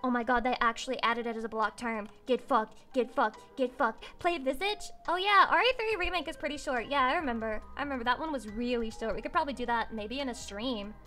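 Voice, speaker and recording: Bright, high-voiced crude streamer woman. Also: brisk, few pauses. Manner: crude, playful, rambling, chatting with viewers. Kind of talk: casual livestream chat. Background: faint music.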